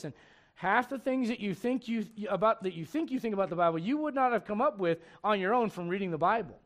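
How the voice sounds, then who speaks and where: High-voiced animated male preacher. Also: fast talker. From raised in a Spanish-speaking home. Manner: animated, rising and loud on emphatic points, reads scripture aloud. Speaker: pastor. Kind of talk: sermon at a midweek Bible study.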